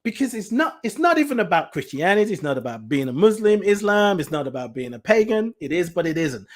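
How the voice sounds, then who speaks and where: A man's voice: high voice, big pitch swings, brisk, few pauses. Emotional man hosting a spiritual talk show. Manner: heartfelt, emotional, repeats himself; reads out listener comments. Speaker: podcast host.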